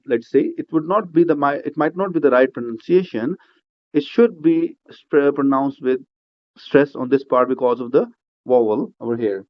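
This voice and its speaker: A man teaching a speaking-exam class, explaining step by step with "uh" fillers and frequent "right?" checks. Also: a little high. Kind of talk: classroom lecture. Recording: slightly dull lo-fi recording.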